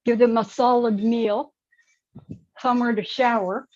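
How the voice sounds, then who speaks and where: A woman's voice: on the high side, fairly even intonation, a little slow, darkish tone, a little hiss or hum. A blunt, outspoken woman on an online call, giving frank opinions. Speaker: panelist. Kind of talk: casual online chat. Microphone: video call. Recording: dull lo-fi call audio.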